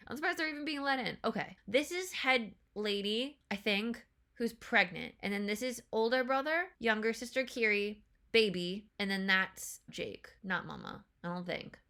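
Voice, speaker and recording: A woman hosting a trailer reaction video, chatting casually in an excitable, rambling way, with frequent swearing and filler words. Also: medium pitch, normal speed.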